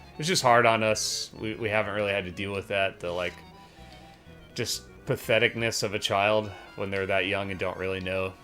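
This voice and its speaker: A man in his thirties chats casually while streaming a retro game. His voice sits low but has a bright, forward edge, and he rambles with plenty of ums. Faint game music plays behind him. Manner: relaxed, rambling with many fillers.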